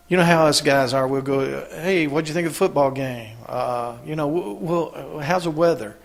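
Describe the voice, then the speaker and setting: A male pastor preaching a sermon, folksy, swinging from loud exhortation to quiet storytelling. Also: a little high.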